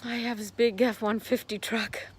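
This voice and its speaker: Older woman, somewhat high voice, casual home-repair vlog, frank and rambling, phone at arm's length. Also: level tone, moderate pace, slightly rough. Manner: chatty, frank and rambling, narrating as she moves around. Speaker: vlogger. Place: her home, moving between house, yard and garage. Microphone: phone in selfie mode at arm's length.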